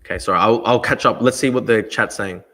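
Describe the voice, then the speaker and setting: A man's voice: on the low side, fairly quick, bright, forceful tone. An Australian man hosting a political livestream, talking emphatically, repeating himself and swearing freely. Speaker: livestream host. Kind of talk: casual political livestream talk.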